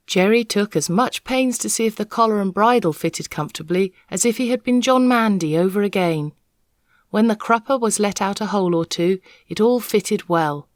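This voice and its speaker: A woman reading a children's novel aloud, an expressive, measured storyteller. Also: medium pitch, no room sound, clean studio sound. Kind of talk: expressive read-aloud narration.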